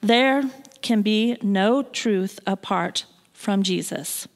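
A woman preaching a sermon in a church, moving between loud proclamation and hushed asides. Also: mid-range voice, slow. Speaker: guest preacher. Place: church sanctuary.

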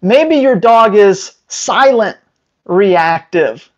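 A man gives dog training advice directly to camera, speaking emphatically and sometimes acting out owners and dogs in quick voices. His high-pitched voice is animated, and the recording's highs are cut off.

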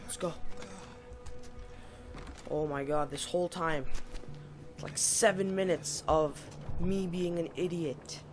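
A woman's voice: lowish voice, slow, pauses often. A young woman giving let's-play commentary to her viewers, exasperated and self-mocking, on a home mic that cuts out. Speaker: gaming channel host. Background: game music.

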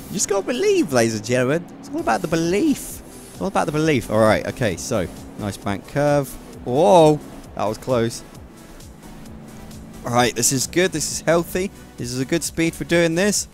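Excitable young gamer shrieking at near misses. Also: male voice, on the high side, moderate pace, soft background music. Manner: swings from quiet muttering to shrieking yells. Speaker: gaming YouTuber. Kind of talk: excitable gameplay commentary.

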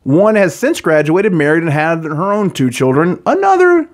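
A man's voice: on the high side, very animated, normal speed. A man co-hosting a podcast, reading case notes and joking around in casual chat. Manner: joking, irreverent, laughs often. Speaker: podcast co-host.

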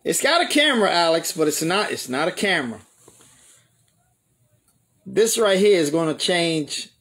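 A man hosting a pigeon show live stream, chatting excitedly with viewers and greeting them by name. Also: fairly high pitch, moderate pace.

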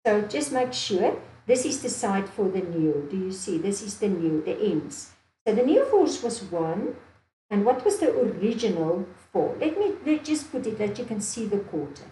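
Recorded in an echoey space with faint background ambience, a Namibian woman works through a maths lesson aloud, repeating steps and frequently asking "do you see?". She speaks at a normal speed in a sing-song, warm, medium-pitched voice carrying a little hiss or hum.

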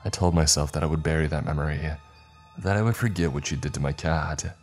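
A man reading a horror story aloud in a measured, dramatic narration. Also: rumbling low, soft background music.

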